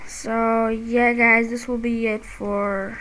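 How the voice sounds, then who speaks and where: A woman giving casual, excitable commentary while playing a game, quick to get frustrated and quick to apologize. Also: fairly high pitch, slight background noise, rough recording. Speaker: gamer and channel host.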